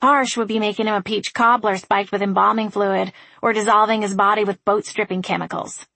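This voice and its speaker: A woman's voice: medium pitch, fairly even intonation, vocal fry, no room sound. A woman voicing a sarcastic, stubborn young woman. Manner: sharp, sardonic, quick to snap.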